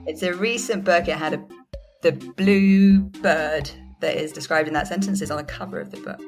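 A woman's voice: deep voice, normal speed, soft background music. A woman, a guest author, running a book quiz in casual podcast chat, upbeat and laughing often. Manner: upbeat, frequent laughs, apologetic asides.

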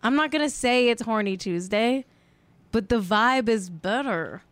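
A woman's voice: fairly high pitch, animated, unhurried, fairly bright tone, dry recording. A woman hosting a casual live-streamed show, joking around and riffing playfully. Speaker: show host.

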